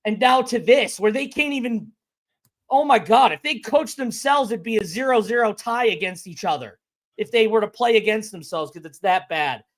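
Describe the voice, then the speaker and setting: A man's voice: high-pitched, animated, normal speed. Exasperated man ranting on a sports podcast. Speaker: podcast co-host.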